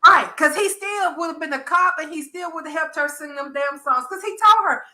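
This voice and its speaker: A woman with a Southern American accent, hosting a casual soap opera chat and acting out characters' lines in a profane, animated way. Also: sits high, moderate pace, few pauses, roomy sound, rough recording. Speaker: podcast host.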